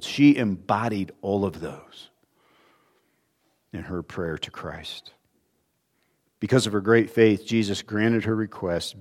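A man preaching a sermon, expressive, moving between emphatic lines and hushed, quiet ones. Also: fairly low pitch, slow, pauses often.

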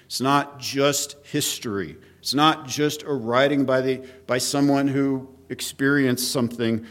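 A middle-aged man preaching a verse-by-verse sermon at a mid-range pitch. He reads scripture aloud, then explains it in a measured, teaching way. He often pauses on fillers and restarts his phrases. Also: fairly even intonation, a bit bright. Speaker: pastor. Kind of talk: expository sermon.

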